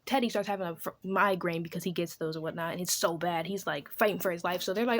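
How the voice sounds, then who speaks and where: Animated swearing woman recapping a book. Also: on the low side, fast talker, hardly any pauses. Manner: animated, swears freely, acts out characters' lines. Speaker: book vlogger. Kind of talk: casual book recap chat.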